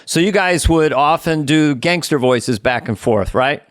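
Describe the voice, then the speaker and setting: A man's voice: fairly high pitch, expressive, measured pace, no echo. Man co-hosting, dry close sound. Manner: laughs often, chimes in. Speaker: co-host. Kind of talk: casual chat.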